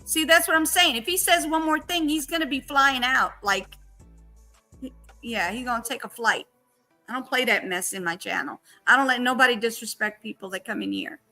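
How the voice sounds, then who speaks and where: A woman hosting a livestream in casual chat, outspoken and quick to scold rude viewers. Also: fairly high pitch, sharp tone, soft background music. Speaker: livestream host.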